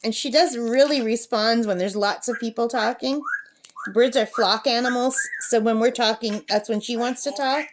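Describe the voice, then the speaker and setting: A woman's voice: a little high, moderate pace, background noise. A middle-aged woman chatting casually while crafting, reading out number codes and cooing at her pet bird. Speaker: craft vlogger. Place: campsite.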